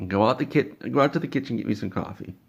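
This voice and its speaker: A bossy little girl who gives orders calmly, spoken in a low, gravelly voice as a man plays her. The sound is muffled and lo-fi. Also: quick pace, close to an everyday voice. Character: young girl hosting a coffee party.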